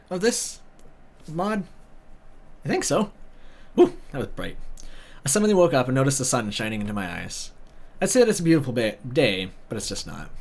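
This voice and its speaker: A man reading a visual novel story aloud, breaking in with sarcastic comments. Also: mid-range voice. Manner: sarcastic asides, animated. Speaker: video narrator.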